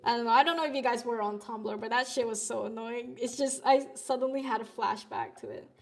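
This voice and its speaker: A woman streamer, a little sick, chatting and swearing casually as she reads through webtoon contest entries out loud. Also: fairly high pitch, brisk. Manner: chatty, swears freely, thinks aloud while reading panels. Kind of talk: casual live-stream commentary.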